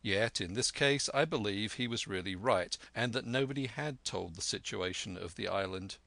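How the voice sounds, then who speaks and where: Man, audiobook narration, low pitch, bright tone. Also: vocal fry, no room sound. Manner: measured, unhurried reading. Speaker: audiobook reader. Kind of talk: scripted narration.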